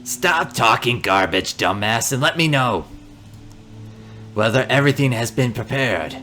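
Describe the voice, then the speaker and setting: A man's voice: medium pitch, lively intonation, unhurried, bright, forceful tone. A man voicing a blind, cranky old man in a wheelchair who growls insults at his son in a scratchy voice. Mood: scolding.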